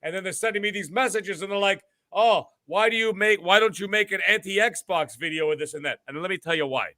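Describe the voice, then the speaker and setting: A man's voice: high voice, a little fast, sharp tone, no echo. A man hosting a gaming podcast, ranting in a profane, mock-boastful way. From Canada. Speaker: podcast host. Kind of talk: casual gaming podcast chat.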